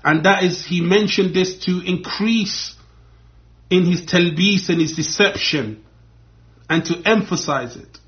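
A man's voice: high-pitched, measured pace. A man giving a religious lesson, explaining step by step and repeating key points. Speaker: Islamic teacher. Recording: dull lo-fi recording.

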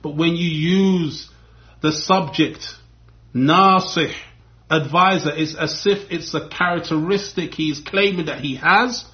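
A man's voice: on the high side, a little slow. A man giving a religious lesson, explaining step by step and repeating key points. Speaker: Islamic teacher. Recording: dull lo-fi recording.

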